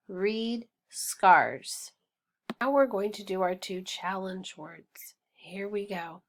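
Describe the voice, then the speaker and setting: A woman teaching a phonics lesson to young children, sounding out words slowly and patiently and praising them. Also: medium pitch, animated. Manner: slow, deliberate, sounding out words syllable by syllable; encouraging, patient.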